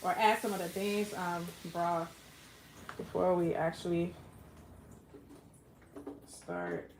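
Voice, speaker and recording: A woman's voice: on the low side, very animated, slow. A woman chatting casually with lots of fillers while she cooks in a home kitchen. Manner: chatty, rambling with many fillers. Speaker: cooking vlogger. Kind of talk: casual cook-along chat. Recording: echoey kitchen with cooking noise. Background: frying sizzle and kitchen clatter.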